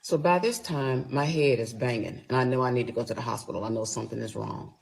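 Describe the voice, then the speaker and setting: A woman's voice: extremely low pitch, fast, gravelly, slight background noise, poor audio. A middle-aged woman from the Atlanta area, casually telling her story to viewers and acting out both sides of the argument. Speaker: storyteller recounting her marriage.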